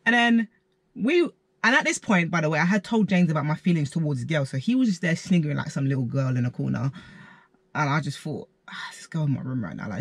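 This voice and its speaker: Young bloke, husky, slightly high voice, casual slangy storytime vlogger. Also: male voice, no room sound. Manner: slangy, chatty retelling with quoted asides.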